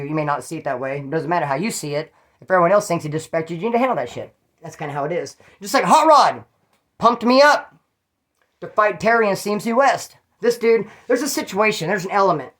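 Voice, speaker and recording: A former prisoner tells stories casually to the camera, blunt and profane, acting out the lines other people said. His voice is a little high and somewhat bright.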